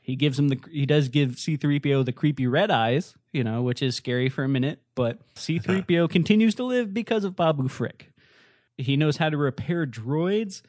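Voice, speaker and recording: A man's voice: on the high side, lively intonation, moderate pace, darkish tone, no echo, studio quality. A man co-hosting a podcast, chatting with enthusiasm and lots of fillers and restarts. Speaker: podcast co-host. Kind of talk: casual chat.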